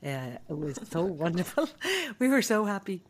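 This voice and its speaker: A woman with an Irish accent and a low voice tells stories from her childhood. She speaks casually and with animation, breaking into laughter and quick asides. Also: very animated, slight background noise. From Ireland. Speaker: podcast host. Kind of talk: casual storytelling.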